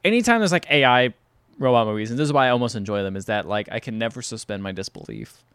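A man banters on a podcast, dry and sarcastic, tossing out jokes about a movie. His voice sits at an ordinary middle pitch but moves around a lot. It is recorded close, with a dead, dry sound. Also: expressive, fast talker, fairly bright tone, smooth, no room sound. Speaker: podcast co-host. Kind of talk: casual movie chat.

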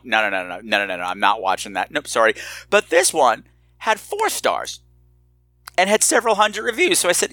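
Lively, bright-voiced male podcast host. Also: mid-range voice, no room sound. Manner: animated, playfully exaggerated. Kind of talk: casual movie review chat.

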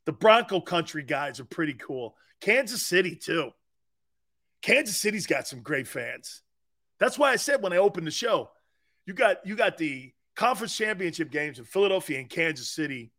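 A man's voice: fairly high pitch, sing-song, moderate pace. A man hosting a sports talk show, chatting casually, joking and laughing as he answers viewers' comments. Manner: joking, laughing, wide swings in loudness. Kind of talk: casual chat, reading live chat.

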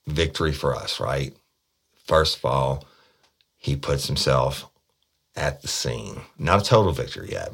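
A man's voice: rumbling low, gravelly, fairly bright tone, husky. A middle-aged man, a detective bluntly recounting an interrogation. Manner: blunt, profane storytelling.

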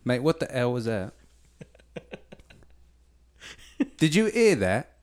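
A man's voice: medium pitch, animated, moderate pace, a little hiss or hum, close to an everyday voice. A man voicing a small, fussy male pet dog who rambles in mock British phrases. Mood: alarmed.

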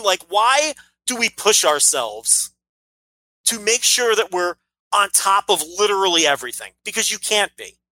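Bright, dry-voiced male podcast co-host. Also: sits high, no echo, poor audio. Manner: rambling, blunt, swears freely. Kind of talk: casual wrestling podcast chat.

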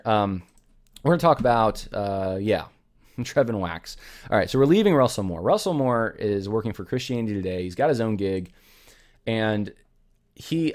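A man with a lowish voice gives opinionated podcast commentary. He pushes back with emphatic rhetorical questions, and he often restarts and wanders off into asides. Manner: rhetorical and emphatic, full of "how about" retorts; thinks aloud with many restarts and digressions. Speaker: podcast host.

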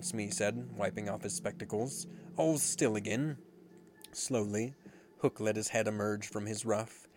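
A man narrating a storybook in a measured, dramatic way. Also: on the low side, noisy background. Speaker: audiobook narrator. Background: background music.

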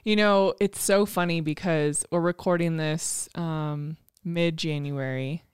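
A woman's voice: deep voice, fairly even intonation, slow, smooth, no room sound, clean studio sound. A woman co-hosting a podcast in casual chat, teasing and laughing often. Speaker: podcast co-host.

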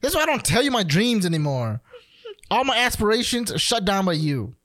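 A man's voice: sits high, big pitch swings, a little fast, fairly bright tone, no echo. A man co-hosting a podcast in casual banter, playful and mock-offended. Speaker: podcast co-host.

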